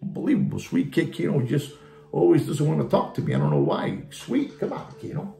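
A man's voice: on the high side, wildly swooping pitch, normal speed, creaky, mellow. A man giving a ranting watch market update, theatrical and mocking, repeating catchphrases and slipping into Spanish asides. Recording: echoey room with faint guitar music.

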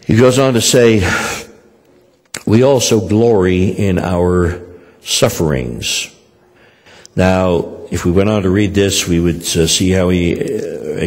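A man's voice: lowish voice, a little mellow, big-room sound. An older man preaching a sermon and telling personal stories in a rambling way, with frequent hesitations and restarts. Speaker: pastor. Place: church hall.

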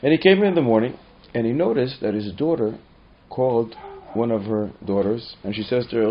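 A man teaching a class as a rabbi, telling stories and acting out whining children in high voices. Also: normal speed. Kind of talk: storytelling lesson in English. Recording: dull lo-fi sound.

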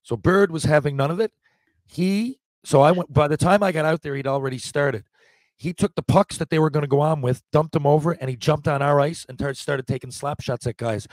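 A man's voice: a little high, fairly quick, no room sound. A man in his forties, a podcast guest, telling rambling, profanity-laced anecdotes in a casual way. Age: 40s. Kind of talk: casual storytelling.

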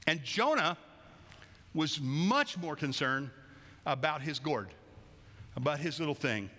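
A man's voice: fairly high pitch, animated, slow pace, pushed and bright. A man preaching a sermon as pastor in a church, conversational and wry with playful asides. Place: church sanctuary. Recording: long church hall reverb.

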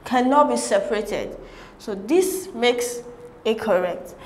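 A woman's voice: on the high side, lively intonation, slow pace, roomy sound. A woman, working through exam questions as a tutor and reading each option in turn. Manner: methodical, reads options one by one.

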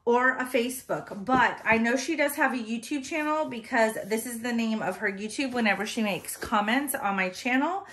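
A woman hosting a doll-collecting vlog, opening a gift box, gushing and emotional, close to tears, with sighs and soft laughs between words. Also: a little high, moderate pace, hardly any pauses. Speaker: reborn doll channel host.

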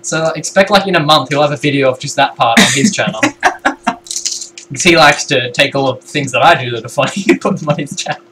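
A young British man streaming a game, excitable and loud, swearing a lot and breaking into yelps. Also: on the high side, fast talker, rough recording. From Britain. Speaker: gaming livestreamer. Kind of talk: casual gameplay chat.

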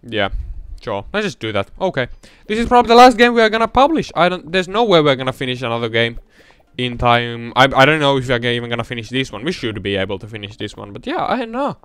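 A young man giving casual let's-play commentary, rambling between mumbled asides and loud excited outbursts. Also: medium pitch, fast talker, hardly any pauses, smooth, dry recording, faint music behind.

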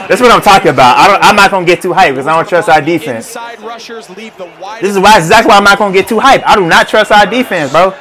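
A man giving an excited live reaction to football highlights, slangy and repetitive, swinging between nervous mutters and hyped yelling. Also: a little slow. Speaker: fan reacting to game highlights.

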